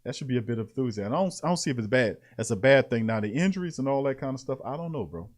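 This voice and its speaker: A man hosting a casual sports talk show, reading out practice notes and reacting with animated, laughing commentary. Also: mid-range voice, racing. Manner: animated, laughing, repeating lines for emphasis.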